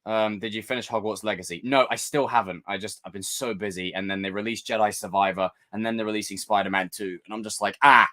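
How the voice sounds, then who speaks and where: A man's voice: on the low side, fast talker, few pauses. A man hosting a casual live stream, chatting with his viewers and joking with them. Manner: animated, jokey, talks to chat.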